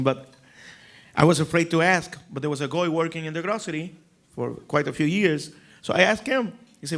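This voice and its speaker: A rabbi with a fairly high voice tells a lively personal story to a crowd. He is animated and slips into other people's voices as he goes, chuckling along the way. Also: moderate pace. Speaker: rabbi giving a talk. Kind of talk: humorous storytelling speech.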